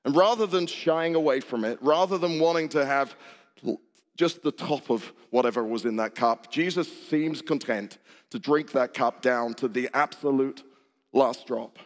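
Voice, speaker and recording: A man gives a conversational sermon in a voice of ordinary middle pitch, often repeating a word as he restarts a phrase. His voice carries a long reverb from the hall he is preaching in. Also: normal speed. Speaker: pastor.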